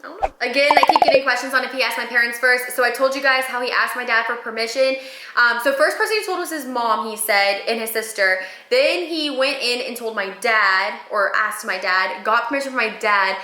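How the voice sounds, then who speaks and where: Bright, chatty young woman vlogger. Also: a little high, a little fast. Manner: chatty, excitable storytelling. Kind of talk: casual chat. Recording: echoey room.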